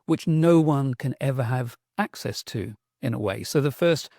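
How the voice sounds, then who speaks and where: A middle-aged English sound artist with a South London accent is a guest on a podcast, telling stories enthusiastically and reflectively, with some restarts. His voice is medium-pitched, gravelly and mellow at a normal speed, recorded in clean studio sound with no echo.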